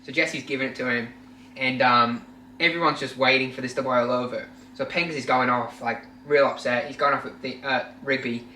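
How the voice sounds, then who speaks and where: A young man co-hosting a podcast, animated and acting out quotes as he tells stories. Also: medium pitch, fairly quick, far from the mic, slight background noise. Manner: animated storyteller, acts out quotes. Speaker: podcast co-host. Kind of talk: casual storytelling chat. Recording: echoey room, away from mic.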